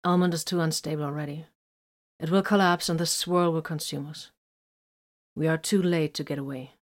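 Brief: a woman reading as a grim, quiet-spoken male space marine psyker, low and clipped, storybook narration. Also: steady tone, moderate pace, lightly acted. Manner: quiet, clipped, then bursts into roaring.

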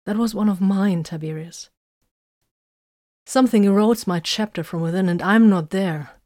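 A woman reading the lines of an intense male psychic librarian warrior in a storybook reading, speaking quietly and earnestly. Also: medium pitch, normal speed, no room sound, clean studio sound, lightly acted.

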